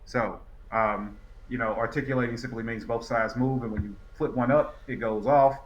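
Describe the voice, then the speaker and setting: A man's voice: medium pitch, moderate pace, dull audio, a little hiss or hum. A man chatting casually as a podcast guest, rambling along with lots of fillers. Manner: rambling, relaxed, many fillers. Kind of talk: casual chat.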